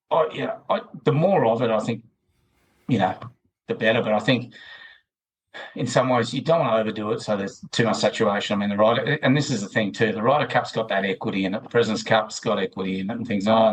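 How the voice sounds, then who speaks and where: An Australian man, appearing as a podcast guest, chats casually and at length in an interview, rambling with plenty of restarts and fillers. His voice sits on the low side with a breathy edge, and the recording is rough.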